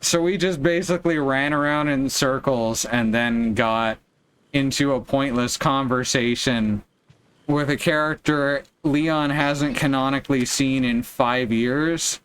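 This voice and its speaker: A man's voice: mid-range voice, fairly even intonation, a little slow, fairly bright tone, slight background noise. A man streaming a video game, giving casual commentary with wry, joking asides.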